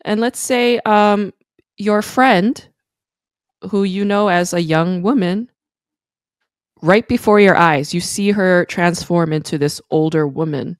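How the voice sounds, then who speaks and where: A woman's voice: lowish voice, takes it slowly, no room sound, studio quality. A woman hosting a podcast in casual interview chat, chatty and talking through ideas with restarts. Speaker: podcast host.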